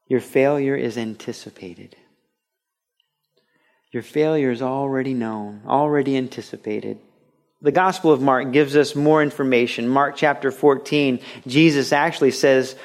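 A man preaching a sermon to a congregation in an earnest, conversational way, sometimes building to animated storytelling. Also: mid-range voice. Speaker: pastor. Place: church, broadcast on radio.

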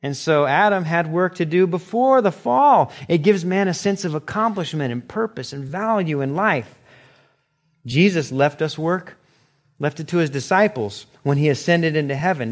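Male pastor, middle-aged, sermon, animated delivery, slightly high voice. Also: moderate pace. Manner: animated, acts out short quoted exchanges with his own voice.

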